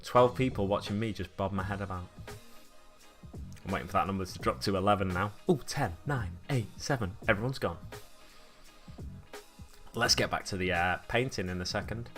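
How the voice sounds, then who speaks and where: A man's voice: low voice, steady tone, brisk, fairly bright tone, soft background music. A man with a Manchester-area Stockport accent chatting casually on a live stream while he paints, reading chat messages aloud and answering them. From Manchester area, England. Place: home painting setup.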